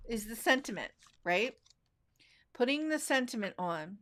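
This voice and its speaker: A woman teaching card making in a live craft demonstration, chatting loosely and thinking aloud as she works. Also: on the high side. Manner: relaxed, chatty, thinks aloud while working; slow, drawn-out phrasing.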